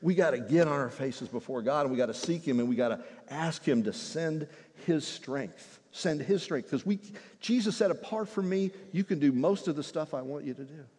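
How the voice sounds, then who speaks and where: A man preaching a sermon as pastor, in a lively, conversational way with touches of humor. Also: on the high side, normal speed, breathy edge. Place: church sanctuary. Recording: long reverb in a large hall.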